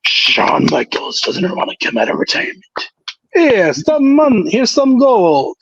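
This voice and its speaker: A man voicing an older male wrestling boss who bribes with money, in a mock Italian-sounding accent, lurching between a low rumble and high exclaims. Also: big pitch swings, a little slow, fairly bright tone, no echo, full character voice. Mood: scheming. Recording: dull lo-fi sound.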